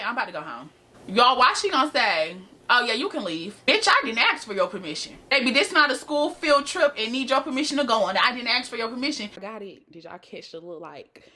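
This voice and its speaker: Bright-voiced young woman telling a story. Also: on the high side. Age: young adult. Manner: animated, blunt storytelling with quoted comebacks. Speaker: vlogger. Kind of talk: storytime vlog.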